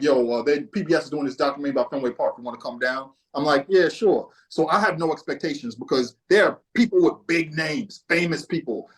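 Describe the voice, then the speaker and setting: A man's voice: medium pitch, rough recording. Casual, cussing storyteller man from Boston. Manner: laid-back, profane, anecdotal. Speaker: podcast guest, music historian.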